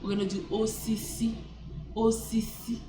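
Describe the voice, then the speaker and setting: A woman's voice: a little high, little pitch movement, dark tone, faint music behind. A woman teaching words in a casual vlog lesson, repeating each word and correcting herself as she goes. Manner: repeats words slowly, self-correcting, chatty. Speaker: language teacher.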